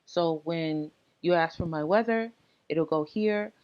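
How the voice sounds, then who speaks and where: Lower-voiced woman explaining software, muffled audio. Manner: relaxed, halting explanation with frequent fillers. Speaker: tech tutorial presenter. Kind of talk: casual screen-recorded walkthrough.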